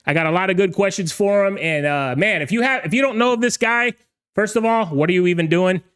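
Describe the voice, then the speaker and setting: An excited man hosts a live online show, shouting greetings to his viewers. His voice sits high and comes across smooth and clear. He rambles and stumbles over his words in his eagerness. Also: fairly quick. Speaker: livestream show host and DJ. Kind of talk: energetic livestream hosting.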